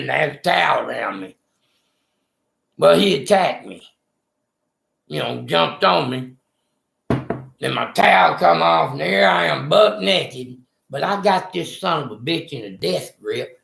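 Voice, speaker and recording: Man, middle-aged, heavy vocal fry, rough swearing storyteller, echoey room. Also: fairly high pitch, a bit bright. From Texas. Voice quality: gravelly. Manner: rough-spoken, swearing, folksy. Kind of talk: rambling personal storytelling.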